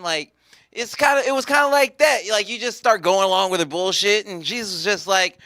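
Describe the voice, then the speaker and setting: Male stand-up comic, profane and rambling, clear, slightly high voice. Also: moderate pace, sharp tone, no room sound, studio quality. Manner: rambling, profane, self-mocking. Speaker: stand-up comedian. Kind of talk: live stand-up set.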